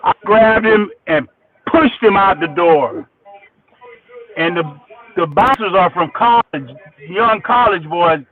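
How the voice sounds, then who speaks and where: Profane, high-voiced storytelling man on a tinny line. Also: takes it slowly, long pauses. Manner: profane, animated, with repeated false starts. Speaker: musician telling a story. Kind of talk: casual storytelling. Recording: tinny phone-like radio sound.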